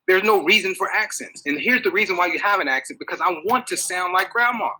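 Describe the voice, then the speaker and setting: A man giving a public talk to an audience, animated and full of rhetorical questions. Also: high-pitched, fast, rough recording. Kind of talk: public lecture.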